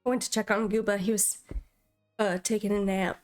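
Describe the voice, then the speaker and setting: A woman's voice: mid-range voice, flat delivery, a little fast, soft background music. A young woman streaming a video game, chatting casually in a playful, self-mocking way. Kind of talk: casual live-stream chat.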